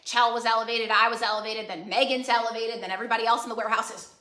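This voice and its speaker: Woman, live-stream host, candid, venting, bright voice, echoey room. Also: on the high side, fairly even intonation, very fast. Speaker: small business owner hosting a live stream. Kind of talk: casual live-stream chat.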